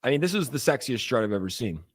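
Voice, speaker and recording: A man's voice: mid-range voice, sing-song, quick pace. A young man hosting a casual crypto livestream, talking in a hyped, joking and profane way. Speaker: crypto streamer.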